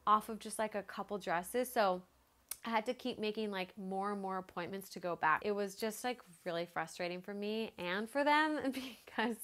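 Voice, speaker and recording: A woman in her thirties chats to camera in a casual storytelling vlog. Her pitch sits in the middle range, and she acts out her own past lines with bursts of energy. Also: moderate pace. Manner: chatty, animated, lots of "like" fillers and acted-out quotes. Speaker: fitness vlogger.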